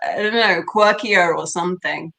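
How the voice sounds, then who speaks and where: British actress guest, chatty interview tone, lowish voice, warm laughs in her talk. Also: moderate pace, gravelly. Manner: animated, laughing, many fillers. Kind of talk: casual interview chat.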